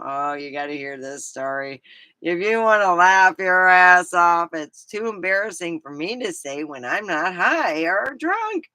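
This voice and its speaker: A woman's voice: on the low side, expressive, measured pace, bright, forceful tone, no room sound. A middle-aged woman vlogging, telling a rambling story in a casual, giggly way. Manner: rambling, giggly, breaks into laughter.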